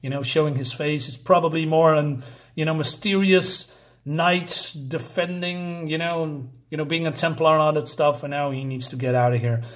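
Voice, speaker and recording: A man's voice: a little high, fairly even intonation, normal speed. A man reviewing a comic in a casual, hesitant way with many fillers and restarts.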